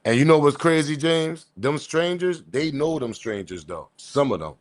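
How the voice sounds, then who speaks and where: A man hosting a live stream, talking in a casual, rambling and slangy way, reacting to a video and shouting out viewers. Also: a little high, animated, moderate pace, no room sound. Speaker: host.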